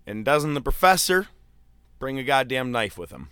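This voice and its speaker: A man telling a long story in casual podcast chat, loose and animated, with swearing and filler words. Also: medium pitch, brisk, clean tone, dry recording.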